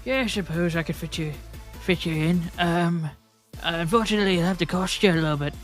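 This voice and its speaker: A man voicing an elderly male Magikarp fish ferryman, slightly raspy and talking with his mouth hanging open. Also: a little high, a little fast, a bit bright, soft background music, lightly acted. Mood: drawling. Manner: drawling, noncommittal.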